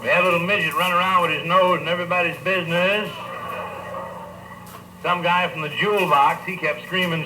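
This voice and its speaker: A middle-aged male comedian with a slightly high voice, spinning bawdy, folksy yarns and talking straight to the crowd. The live club recording is noisy, with a clear hiss under his voice. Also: fairly even intonation, fairly quick. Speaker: stand-up comedian. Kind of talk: live stand-up joke telling.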